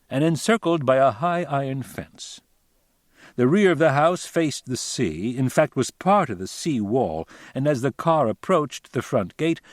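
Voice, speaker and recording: A man reading a novel aloud in calm, measured narration. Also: mid-range voice, no room sound, studio quality. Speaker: audiobook narrator. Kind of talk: scripted narration.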